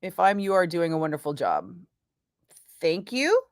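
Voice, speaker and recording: A woman's voice: fairly low pitch, huge pitch swings, moderate pace, dry recording, clean studio sound. A woman radio host from Northern California chatting casually with her live chat, laughing often, swearing freely and rambling through asides. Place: radio studio.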